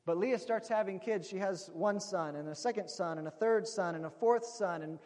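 High-voiced preacher telling a story. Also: male voice, normal speed, a little mellow. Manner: conversational storytelling, addresses the audience as friends. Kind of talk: sermon. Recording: long reverb of a large hall.

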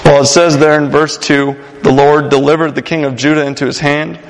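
A man's voice: a little high, level tone, fairly quick. A young man preaching a sermon in a church, casual and joking with many fillers. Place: church sanctuary. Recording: long hall reverb.

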